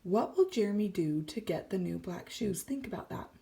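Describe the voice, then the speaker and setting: A woman's voice: medium pitch, lively intonation, moderate pace, vocal fry, warm tone. A woman teacher reading a story aloud to children, explaining words and often dropping to a whisper. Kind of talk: read-aloud lesson for children.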